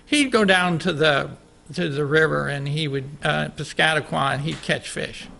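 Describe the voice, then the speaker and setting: A man's voice: fairly high pitch, normal speed, vocal fry, bright, forceful tone, slight background noise. A man imitating his fretful, easily outraged elderly mother while telling a story, in an exclaiming, indignant way. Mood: matter-of-fact.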